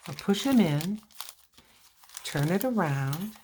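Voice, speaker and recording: Low, slow-talking woman crafter. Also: lively intonation, noisy background. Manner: chatty, talks to herself while working. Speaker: crafting video host. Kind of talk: casual crafting walkthrough.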